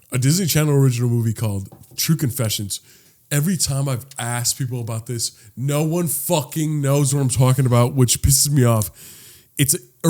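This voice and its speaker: A man chatting on a casual podcast, his voice sitting at an ordinary middle pitch. He talks in an excitable way, swears freely and gets louder when worked up. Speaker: podcast co-host. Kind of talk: casual chat.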